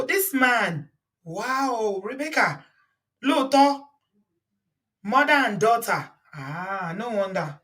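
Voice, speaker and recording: A woman's voice: fairly low pitch, a bit bright, recorded from a distance. A Nigerian woman hosting a casual reaction chat, laughing often and slipping into Yoruba words. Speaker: host reacting to a video.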